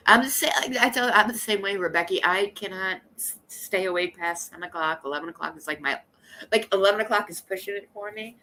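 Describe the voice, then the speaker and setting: A woman hosting a casual livestream, chatting in a rambling, blunt and animated way and greeting viewers by name. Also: mid-range voice, brisk. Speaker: livestream host.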